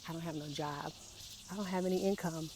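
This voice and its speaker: A young woman with a fairly low voice talks through hard feelings in a raw confessional vlog. She speaks in a halting, emotional way and often circles back to repeat herself. Faint insect sounds drift in from outdoors behind her. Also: fairly even intonation, noisy background. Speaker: vlogger.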